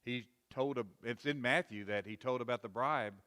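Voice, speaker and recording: A man's voice: medium pitch, normal speed, a bit bright, smooth, long reverb tail. A man preaching a sermon in a folksy, repetitive way, rising to emphatic quoted rebukes. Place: church sanctuary.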